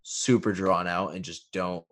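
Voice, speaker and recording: A man's voice: low voice, fairly even intonation, measured pace, a bit bright. A man co-hosting a podcast, laid-back and critical, filling his talk with "like". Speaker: podcast co-host. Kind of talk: casual chat.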